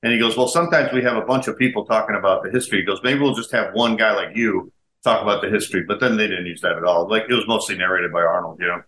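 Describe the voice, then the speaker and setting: Fast-talking bright-voiced male podcast host. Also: lowish voice, a little hiss or hum. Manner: fast, animated storyteller, laughs often. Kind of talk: casual interview chat. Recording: echoey room with faint ambience.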